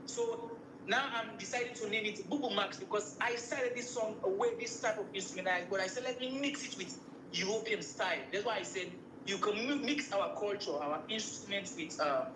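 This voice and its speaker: A man's voice: high voice, normal speed, roomy sound, noisy background. A man from Sierra Leone with a Sierra Leonean accent, a musician guest in a casual interview, often repeating phrases as he explains.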